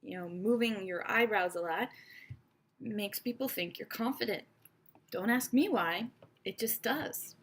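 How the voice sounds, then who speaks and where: Woman teaching english online, playful and expressive, mid pitch, talks to the camera like her students are there. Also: a little slow. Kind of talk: online lesson talk.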